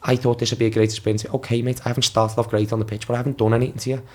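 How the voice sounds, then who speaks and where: Swearing freely and restarting often, a twenty-something ex-footballer tells casual anecdotes on a podcast, acting out quotes in a raised voice. His voice is mid-range and a little mellow, with little pitch movement, and he speaks rapid-fire.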